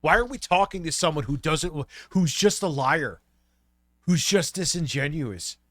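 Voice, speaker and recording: A man's voice: a little high, animated, unhurried, fairly bright tone, dry recording. Sarcastic man with a dry sound. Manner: sarcastic, profane interjections. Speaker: stream co-host. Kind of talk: casual commentary.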